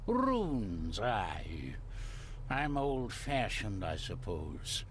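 A man with a Scottish accent playing a gruff, secretive gardener who clings to the old ways, speaking slowly and guardedly. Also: lowish voice, huge pitch swings, a little hiss or hum, exaggerated voice. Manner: slow, guarded, dialect-heavy. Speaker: game character.

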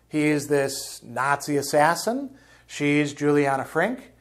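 A man's voice: fairly high pitch, animated, measured pace, vocal fry. Man giving a thoughtful literature lecture. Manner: thoughtful, with fillers and "right?" checks.

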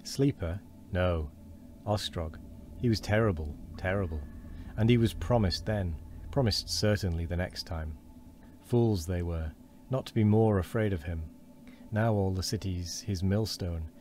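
A man's voice: sits low, darkish tone, a little hiss or hum. A man voicing a frail, wheezing old man who is fearful and gossipy, his speech quavering.

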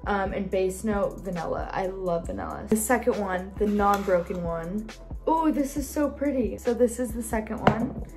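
A woman's voice: medium pitch, darkish tone. A young woman chatting casually in a vlog, bubbly and full of fillers like "like" and "um". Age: young adult. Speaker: vlogger.

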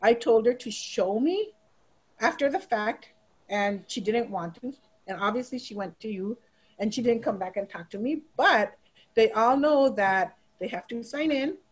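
Female educator, middle-aged, higher-pitched, animated storyteller for a teacher training session. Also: unhurried, slightly rough, poor audio. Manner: animated, acts out students' voices in quotes. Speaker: teacher giving a training talk. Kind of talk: storytelling presentation.

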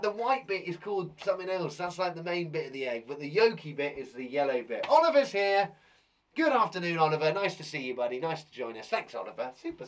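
A man's voice: high voice, a bit bright. A playful man, a young adult primary school teacher giving a live online lesson for children with theatrical, chatty reactions.

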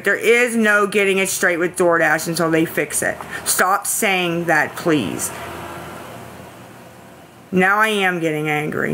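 A woman's voice: medium pitch, sharp tone, slight background noise. A woman livestreaming who answers viewer comments in casual chat, anxious, pleading and defensive, rambling and repeating herself. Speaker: livestreamer asking viewers for money.

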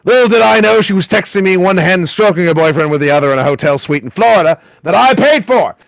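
A man's voice: high-pitched, expressive, fast, creaky, no room sound. A man hosting a comedy show, wryly reading forum posts aloud and laughing at them. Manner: wry, laughs at what he reads. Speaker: host reading internet posts.

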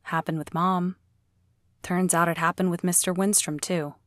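A woman reading a novel aloud as an audiobook narrator, in a steady storytelling read. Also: lowish voice, normal speed, no room sound, clean studio sound.

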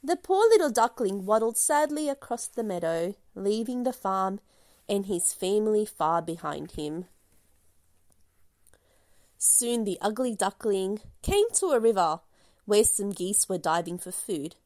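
A woman reading a children's picture book aloud in a gentle, expressive storytelling manner. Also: medium pitch, unhurried, no echo, clean studio sound.

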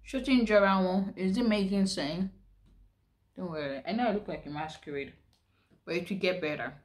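A woman's voice: fairly low pitch, moderate pace. A woman from Nigeria chatting casually in a vlog, explaining slang while she does her makeup. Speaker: vlogger.

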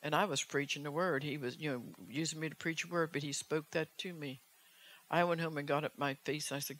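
A woman's voice: deep voice, steady tone, brisk, fairly bright tone. Urgent woman evangelist preaching. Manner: urgent, fervent, many rhetorical questions. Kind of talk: sermon.

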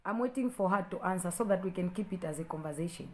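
A woman's voice: on the low side, fast, a little mellow, low-quality recording. A woman from Zambia with school-age children, preaching confrontationally and repetitively to viewers on a live video. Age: adult with school-age children. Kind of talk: livestream address to viewers.

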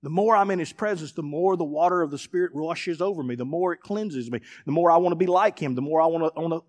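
A man, a pastor preaching a sermon to a congregation in a church, emphatic and building to shouts. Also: a little high, fast talker. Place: church sanctuary before a congregation.

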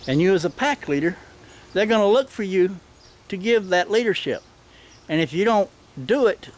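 A middle-aged man, filming himself outdoors in a backyard and explaining things plainly in a firm voice that turns sharp when he barks commands. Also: sits high. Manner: plain-spoken, firm commands with sudden sharp shouts at the dogs. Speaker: dog owner filming his own pack. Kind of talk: casual instructional narration. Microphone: handheld camera mic.

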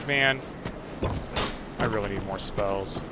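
Profane, excitable man playing a game. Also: on the low side, takes it slowly, heavy background noise. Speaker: let's play gamer. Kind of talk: casual gameplay commentary. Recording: loud game sounds behind the voice.

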